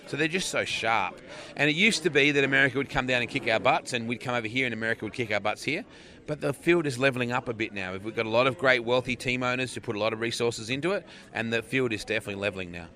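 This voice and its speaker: A man's voice: medium pitch, quick pace, bright, forceful tone. A man with an Australian accent, talking in a casual interview about sprint car racing as a guest.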